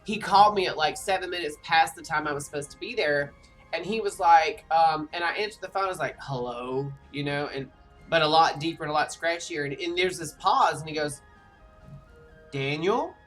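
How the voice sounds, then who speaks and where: A man's voice: on the high side, fairly even intonation, quick pace, fairly bright tone, faint music behind. A man chatting casually on a livestream while he plays, telling a rambling story full of fillers and restarts. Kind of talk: casual chat while playing a game.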